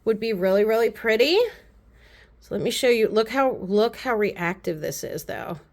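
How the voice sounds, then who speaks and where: A woman's voice: fairly high pitch, darkish tone. Chatty woman gushing over nail polish. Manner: chatty and gushing, repeats "pretty" often; quick asides and self-aware rambling. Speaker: beauty vlogger. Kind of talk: casual haul chat to camera.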